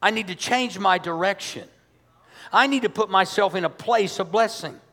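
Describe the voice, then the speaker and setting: Male pastor, high voice, emphatic conversational sermon, long church-hall reverb. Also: moderate pace, pushed and bright. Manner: emphatic, conversational preaching with rhetorical questions.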